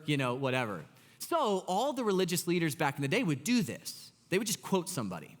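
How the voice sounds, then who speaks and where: A man in his thirties, a pastor preaching a sermon in an excitable, conversational way and talking straight to the congregation. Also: on the high side, a little fast. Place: church sanctuary. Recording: long church hall reverb.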